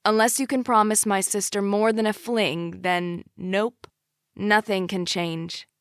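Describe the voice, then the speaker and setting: A woman's voice: medium pitch, steady tone, measured pace, clean tone, dry recording, studio quality, voice pushed up, natural voice. A woman reading the lines of a protective young man, an easygoing older brother who turns firm about his sister, in an audiobook. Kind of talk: audiobook character voice.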